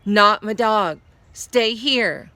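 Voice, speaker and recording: A woman's voice: mid-range voice, drawn-out words, bright, forceful tone, dry recording. A woman voicing a frightened, spindly little man who speaks in short, broken phrases. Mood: pleading. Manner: clipped, panicky, broken phrasing.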